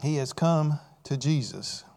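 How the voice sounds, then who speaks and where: A man's voice: a little high, animated, a little slow, creaky, a little mellow. A man preaching a sermon with emphasis, repeating key phrases and putting questions to his listeners.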